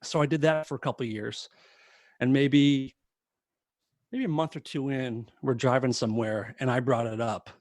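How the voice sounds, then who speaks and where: A man guesting on a podcast, telling a story in casual chat, animated and laughing often. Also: medium pitch, normal speed, dry recording, clean studio sound. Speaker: podcast guest, former tour crew member.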